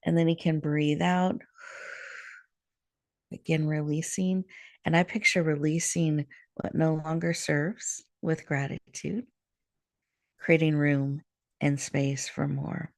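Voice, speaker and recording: A woman hosting a show, leading listeners through a guided breathing meditation in a soft, soothing way over a video call. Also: low voice, flat delivery, vocal fry, dry recording, studio quality. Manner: soft, slow, soothing guidance. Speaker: host.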